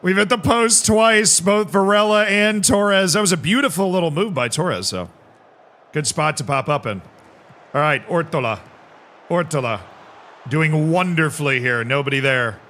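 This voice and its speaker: A male streamer walks his chat through a football management match, reacting quickly and excitably and cracking jokes. His voice is bright, forceful and a little high for a man, and his delivery is animated. It's live gameplay commentary.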